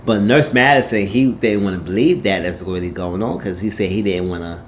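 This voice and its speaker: A man's voice: fairly low pitch, fairly quick, lo-fi sound, slight background noise. A man casually recapping a TV episode, rambling along and acting out the characters' lines as he tells it. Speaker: show recap vlogger.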